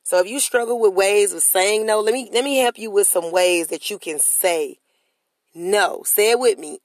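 A woman's voice: mid-range voice, normal speed, no room sound. A woman giving a motivational monologue to viewers in a casual, slangy way, emphatic and repetitive, leading her listeners in call-and-response chants. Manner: casual, slangy street talk. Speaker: motivational speaker.

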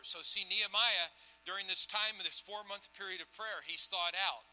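Pastor, male, brighter voice, pitch a touch high, animated sermon delivery with a faint hum underneath. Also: normal speed, low-quality recording. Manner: animated, swings between loud preaching and quiet storytelling.

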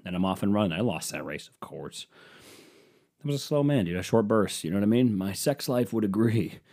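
A man's voice: fairly low pitch, expressive, brisk, mellow. A man doing a rambling comic monologue, sarcastic and profane with mocking asides.

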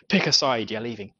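A man's voice: medium pitch, bright, forceful tone, husky, exaggerated voice. A man doing a pirate voice for a blustering male riverboat captain, growling his lines in slightly dull lo-fi audio. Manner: growling pirate "arr" delivery.

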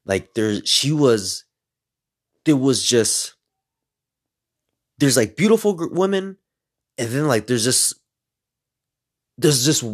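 A young man talks through personal stories in a loose, rambling way, full of restarts and swearing. His voice sits at an ordinary middle pitch and climbs sharply when he relives a big moment. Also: breathy edge. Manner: rambling, profane, animated when retelling. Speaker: speaker sharing personal stories. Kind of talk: casual storytelling monologue.

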